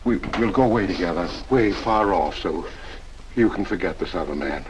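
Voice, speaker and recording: An actor playing a gentle, stammering middle-aged man who pleads tenderly in a 1940s film. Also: low-pitched, expressive, normal speed. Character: timid, lovesick middle-aged man proposing. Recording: hissy 1940s film soundtrack.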